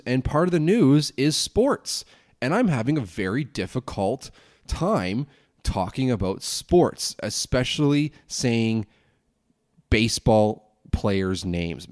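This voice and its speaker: A young man hosting a casual solo podcast, rambling and self-deprecating, grumbling with sudden high exclamations. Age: young adult. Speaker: podcast host.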